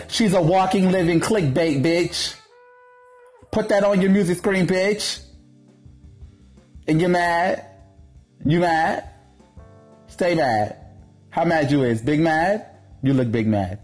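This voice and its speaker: A man ranting in a gossip commentary vlog, brash and profane, with a sassy, sharp-tongued delivery. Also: high-pitched.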